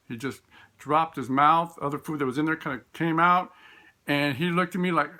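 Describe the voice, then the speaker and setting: Bright-voiced man telling classroom stories. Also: on the high side. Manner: warm storytelling, acts out voices in quotes; frequent fillers and restarts. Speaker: special education teacher. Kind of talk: informal talk with classroom stories.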